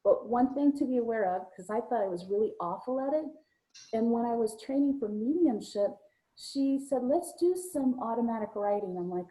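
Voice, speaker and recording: A woman with a fairly high but mellow voice chats on a video call. She tells anecdotes in a casual, easygoing way and laughs readily. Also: animated, poor audio. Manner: chatty storytelling, quick to laugh. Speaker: psychic medium co-host.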